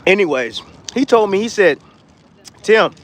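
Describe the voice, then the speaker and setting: High-pitched man, ex-fighter, blunt and repetitive trash talk, casual monologue. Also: animated, normal speed. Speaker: former boxer giving opinions.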